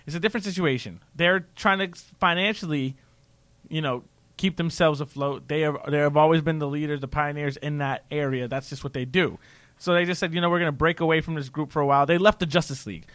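A man in casual political chat, animated and ranting, often mocking other people's voices. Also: fairly high pitch, fast, no echo.

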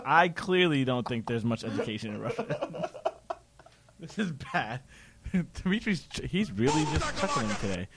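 A man's voice: medium pitch, big pitch swings, moderate pace, a bit bright, a little hiss or hum. A man chatting casually as a podcast co-host, laughing often and telling stories with animation. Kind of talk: casual banter.

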